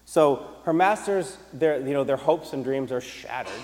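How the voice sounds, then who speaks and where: A man preaching a sermon as pastor, animated and emphatic, repeating key phrases and restarting sentences as he goes. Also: medium pitch, moderate pace, long reverb tail. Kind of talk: sermon with storytelling.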